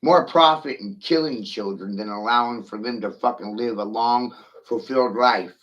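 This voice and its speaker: A man's voice: medium pitch, moderate pace, fairly bright tone, muffled recording. A middle-aged man in a profane, taunting rant, swearing aggressively at his critics.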